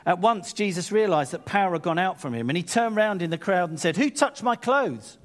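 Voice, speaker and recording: Man preaching, slightly high voice. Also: fast. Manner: retells scripture in lively paraphrase with asides. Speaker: pastor. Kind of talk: sermon.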